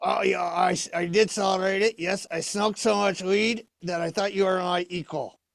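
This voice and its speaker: A man's voice: sits high, steady tone, normal speed, gravelly, fairly bright tone, no room sound, clean studio sound. A man voicing a boozy wisecracking alien puppet. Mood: smug. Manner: cocky, brash one-liners. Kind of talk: ventriloquist comedy act.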